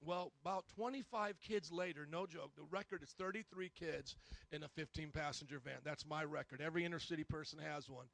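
A man preaching a humorous, animated storytelling sermon, joking and self-mocking as he goes. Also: fairly high pitch, brisk, gravelly.

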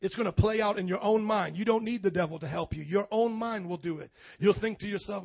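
Loud, high-voiced preaching man. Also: fairly quick, vocal fry, few pauses, no room sound. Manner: loud, preaching with rising shouts; casual, colloquial preaching with call-and-response asides. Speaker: pastor. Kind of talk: sermon. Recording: dull lo-fi audio.

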